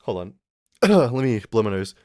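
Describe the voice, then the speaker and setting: A man's voice: lowish voice, sing-song, moderate pace, a little mellow, dry recording, studio quality. Rambling profane young man. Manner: rambling, profane, laughing often. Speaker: streamer. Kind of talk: casual livestream chat.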